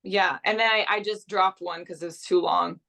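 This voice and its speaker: A woman's voice: lowish voice, steady tone, normal speed, creaky, a bit bright. A young adult woman from Canada, a guest actress chatting casually in an interview, full of restarts and fillers.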